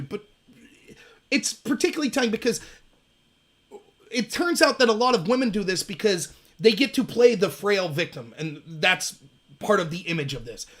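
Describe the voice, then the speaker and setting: A man hosting a solo political commentary livestream, ranting emphatically and mocking opponents while reading out chat messages. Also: fairly bright tone. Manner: sarcastic, mocks opponents in high shrill voices; reads and answers live chat.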